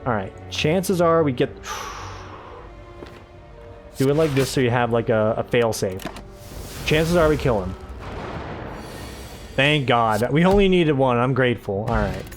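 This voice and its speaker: A man's voice: medium pitch, lively intonation, slow pace, pauses often, faint music behind. A man casually commentating his own game playthrough, rambling, tripping over his words and swearing offhandedly. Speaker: let's play host.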